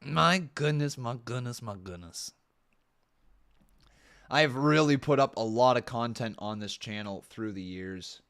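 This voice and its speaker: A man's voice: medium pitch, fairly even intonation, normal speed, vocal fry, few pauses, fairly bright tone, clear, resonant tone. A young man from Canada doing casual live-stream commentary, exclaiming and laughing often as he looks back at old videos.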